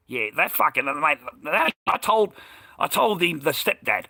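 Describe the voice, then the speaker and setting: A man's voice: medium pitch, expressive, normal speed, creaky, dry recording. Profane, heated Australian man. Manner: profane, heated, shouting out remembered lines. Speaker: vlogger. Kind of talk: angry storytelling rant.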